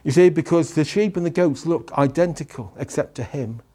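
Man preaching, high voice, rhetorical questions, deliberate pauses. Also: mellow. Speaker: pastor. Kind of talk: sermon.

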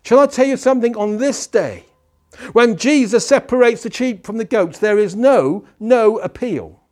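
High-voiced preacher man, emphatic. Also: expressive, darkish tone. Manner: rhetorical questions, emphatic pauses. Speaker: pastor. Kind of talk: sermon.

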